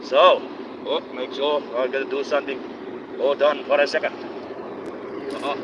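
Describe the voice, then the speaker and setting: A man's voice: mid-range voice, flat delivery, normal speed. Rambling man streaming from his car. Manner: rambling, opinionated running commentary; playing up a put-on accent. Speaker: live streamer. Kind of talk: casual live-streamed driving chat. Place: inside a moving car on a highway. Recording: dull lo-fi sound with road noise. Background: engine and road noise.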